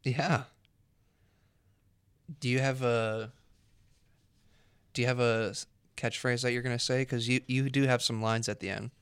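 A man co-hosting a radio comedy bit, teasing his partner and laughing easily. His voice is smooth and resonant. It is recorded dry on a close studio mic. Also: mid-range voice, fairly even intonation, no echo. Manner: teasing, playful, quick to laugh. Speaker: radio show co-host. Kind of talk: casual comedic banter.

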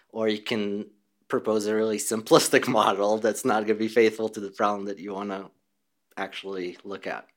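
Male researcher, low voice, considered answers, light laughs, easygoing restarts. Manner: thoughtful, with small laughs and restarts. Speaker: physicist and researcher. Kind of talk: conversational interview answers.

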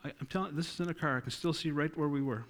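A man's voice: on the high side, racing, fairly bright tone. A middle-aged man preaching a sermon, telling stories and acting out quoted dialogue with emphasis.

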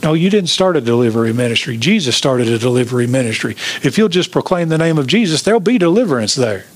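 A pastor preaching an emphatic sermon, asking the congregation questions. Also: male voice, medium pitch, big pitch swings, fast.

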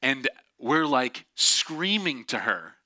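Brief: male storyteller, animated delivery, very bright, sharp tone, mid pitch. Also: takes it slowly. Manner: animated, acts out quoted voices. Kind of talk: storytelling talk.

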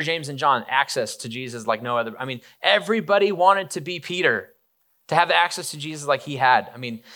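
Male pastor, bright, forceful voice, casual storytelling sermon. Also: medium pitch. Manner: casual, animated, many fillers and asides.

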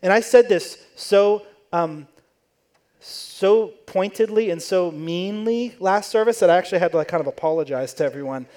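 A man's voice: high voice, normal speed, darkish tone. A man preaching in church, telling the story conversationally and acting out the quoted voices. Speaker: pastor. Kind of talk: sermon.

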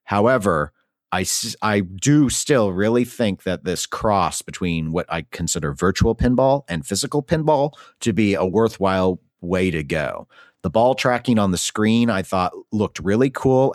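A man's voice: sits low, lively intonation, moderate pace, no room sound, clean studio sound. A man co-hosting a podcast, chatting casually and reviewing games, thinking aloud as he goes. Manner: conversational, thinks aloud with restarts. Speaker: podcast co-host.

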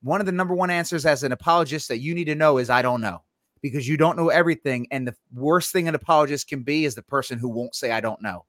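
A man co-hosting a live-streamed podcast, talking emphatically and acting out quick bits of imagined dialogue. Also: on the high side, a bit bright, no room sound, studio quality. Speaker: podcast co-host.

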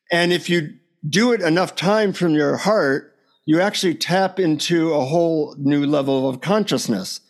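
A man speaks as a podcast guest over a remote call. His voice is fairly high for a man. He tells anecdotes in an animated way and often chuckles. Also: normal speed. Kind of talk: casual storytelling interview.

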